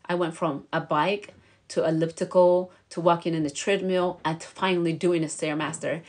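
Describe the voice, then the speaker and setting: A woman's voice: on the low side, fairly even intonation, normal speed, a little mellow. A young woman vlogger talking earnestly and emotionally, encouraging her viewers in a motivational chat. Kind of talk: motivational vlog talk.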